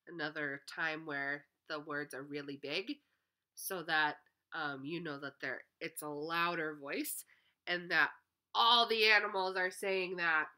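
A young woman, a kindergarten teacher, reading a picture book aloud to small children in an expressive, sing-song way and chatting with them between pages. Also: sits low, clear, resonant tone.

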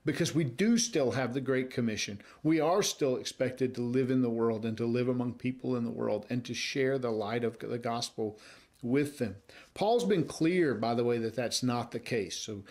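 Earnest American preacher. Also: male voice, mid-range voice, moderate pace. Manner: earnest preaching, swings between loud emphasis and soft quoted lines. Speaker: pastor. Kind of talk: sermon.

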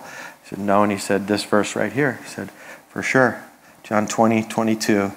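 A man's voice: on the low side, flat delivery, moderate pace, a little hiss or hum. A man, a pastor, preaching a conversational sermon with humorous asides.

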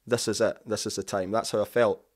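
Guy, lowish voice, talks loose and excited, lots of "you know"s. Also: fairly quick. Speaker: musician guest. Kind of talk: casual interview chat.

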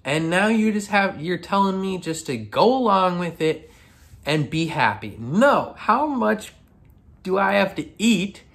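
A man's voice: high voice, sing-song, a little slow, vocal fry, fairly bright tone, voice pushed up, full character voice. A man voicing an angry, defiant woman captain who rants indignantly. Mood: furious. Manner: ranting, indignant. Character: furious woman ship captain, fed up and defiant.

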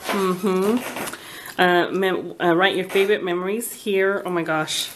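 A woman's voice: fairly low pitch, steady tone, slow, background noise. A woman vlogger chatting casually at her kitchen table at home, gushing and flustered as she talks. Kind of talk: casual unboxing chat.

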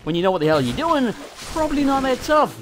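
A man's voice: very high-pitched, very animated, fast, noisy background. A man giving gameplay commentary, ranting in frustration, swearing a lot and laughing at himself. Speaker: let's play gamer.

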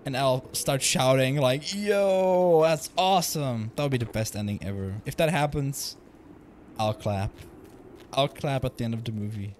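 A man's voice: mid-range voice, moderate pace, a little hiss or hum. A young man streaming a video game from home, rambling casually, swearing and laughing often. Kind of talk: casual gaming livestream chat.

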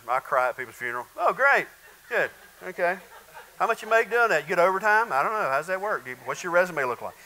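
A middle-aged male pastor with a drawl delivers a folksy sermon. His voice sits high for a man and rings bright and forward. He slips into short acted-out exchanges to make his points. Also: rough recording. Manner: folksy storytelling, acts out little dialogues.

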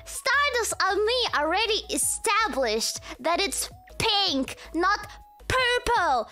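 A woman streamer chatting casually on a live stream, excitable, swearing often and laughing between lines. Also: very high-pitched, slow, soft background music. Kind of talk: casual livestream chat.

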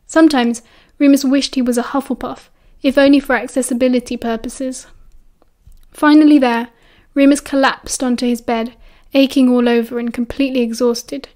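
A woman with a British accent narrating an audiobook in a calm, even storytelling manner. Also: sits high, normal speed.

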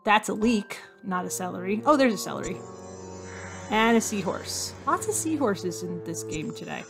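A woman playing a hidden object game, talking to herself slowly as she searches for items. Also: medium pitch, very animated, creaky. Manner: slow, musing, talks to herself while searching. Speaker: gamer. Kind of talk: casual let's-play commentary. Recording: faint music behind voice.

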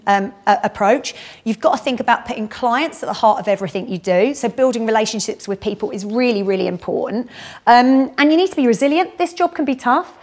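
A middle-aged woman with a South London accent and a fairly high voice. She answers questions in a quick, upbeat, chatty way, like someone at ease talking about her work. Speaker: head of graduate recruitment. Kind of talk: casual walk-and-talk interview.

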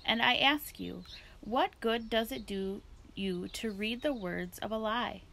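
A woman voicing an eccentric elderly woman philosopher who talks in a formal, digressive, unhurried way. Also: a little high, gravelly, fairly bright tone, exaggerated voice. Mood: musing.

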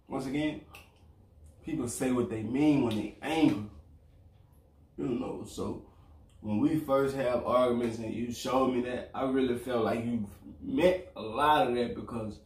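Plain-spoken man, mid-pitch, earnest, in an echoey room some way from the mic. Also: steady tone, a little slow, recorded from a distance. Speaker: boyfriend, co-host. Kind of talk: casual couple chat over a meal.

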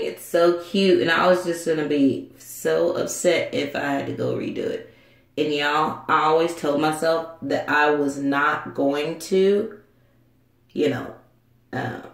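Excitable woman vlogging in an echoey room. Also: sits low. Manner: excitable, frantic, exclaiming and laughing. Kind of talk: casual vlog chat.

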